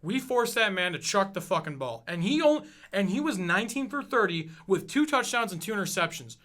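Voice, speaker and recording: Casting: high, bright-voiced man in his 20s, profane podcast host, rants with fired-up emphasis. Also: very animated, fairly quick. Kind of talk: casual sports rant.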